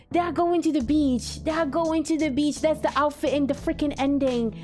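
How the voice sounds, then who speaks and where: A woman's voice: sits high, steady tone, moderate pace, few pauses, darkish tone, faint music behind. A woman hosting an anime reaction video, talking to herself casually with frequent emotional exclamations. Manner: emotional, exclaiming, thinks aloud.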